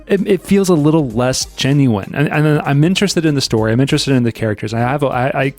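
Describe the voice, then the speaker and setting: A man's voice: medium pitch, lively intonation, fast, a little mellow, soft background music. A man hosting a podcast in casual chat, rambling with many restarts and frequent laughs. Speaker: podcast host.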